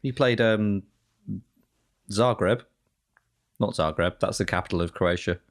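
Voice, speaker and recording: A man's voice: lowish voice, measured pace. A man co-hosting a podcast in casual banter, teasing and wry. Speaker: podcast co-host.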